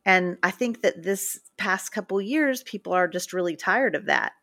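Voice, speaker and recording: A woman's voice: medium pitch, normal speed, dry recording, clean studio sound. A woman hosting a casual podcast conversation, telling stories animatedly and acting out what people said. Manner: animated storyteller who acts out quotes.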